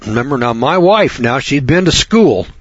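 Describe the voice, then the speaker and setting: A man's voice: medium pitch, sing-song, normal speed, breathy edge, no echo. A middle-aged man hosting a radio talk show, folksy and sarcastic, rambling with repetitions. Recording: dull dry lo-fi radio recording.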